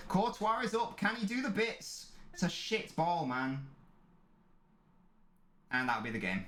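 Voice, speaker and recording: A man's voice: high-pitched, big pitch swings, measured pace, pauses often, fairly bright tone, faint music behind. A man, a streamer angrily commentating a live match and swearing a lot. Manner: angry ranting, heavy swearing. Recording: echoey room.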